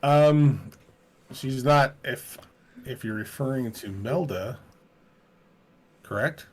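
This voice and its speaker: A man's voice: mid-range voice, takes it slowly, slightly rough. A man talking casually as a player in a tabletop game, hesitant with fillers.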